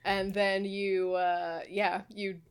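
A woman's voice: mid-range voice, level tone, slow, clean tone. A woman co-hosting a podcast, loosely and profanely retelling a video game's story with amused laughs. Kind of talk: casual chat recapping a video game plot.

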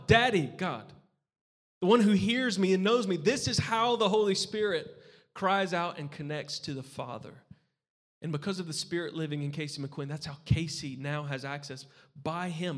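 Pastor, man, 30s, high voice, chatty sermon that keeps checking in with the congregation, church hall with long reverb. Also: fairly bright tone. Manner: conversational, asks the crowd questions.

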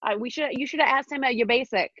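A woman's voice: high-pitched, fast, fairly bright tone, no room sound. Woman signing off a podcast, lo-fi. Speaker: podcast co-host. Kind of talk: podcast sign-off.

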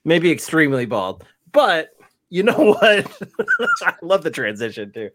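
A man's voice: a little high, sing-song, measured pace, fairly bright tone, no echo. A man hosting a podcast in casual chat, rambling and laughing through his words. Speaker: podcast host.

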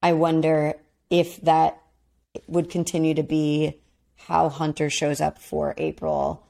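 A woman's voice: deep voice, level tone, slow pace, creaky, dark tone. A woman co-hosting a podcast, recapping a reality dating show in casual chat with lots of fillers. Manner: chatty, lots of "like" and restarts. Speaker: podcast co-host.

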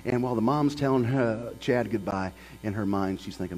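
A man's voice: lowish voice, brisk, a little mellow, soft background music, rough recording. A middle-aged man, a pastor preaching a sermon as a folksy storyteller. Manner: folksy storyteller who builds to passionate preaching.

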